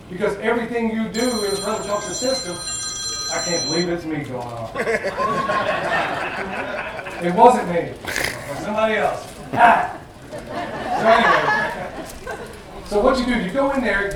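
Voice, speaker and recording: A man giving a live talk to an audience, chatting plainly and joking as he goes. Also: sits high. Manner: joking, conversational, plain-spoken. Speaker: festival presenter. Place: event venue with audience. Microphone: far from the mic. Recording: very echoey, distant, noisy live room.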